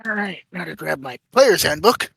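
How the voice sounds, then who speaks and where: Low, lively woman talking game rules. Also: moderate pace, vocal fry, husky, no room sound. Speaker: player. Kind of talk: tabletop game chat.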